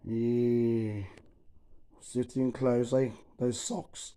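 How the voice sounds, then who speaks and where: A man's voice: mid-range voice, flat delivery, very slow, warm tone, clear, resonant tone. A man telling casual stories and urging a boy on, laid-back, swearing and calling everyone bro. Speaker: storyteller.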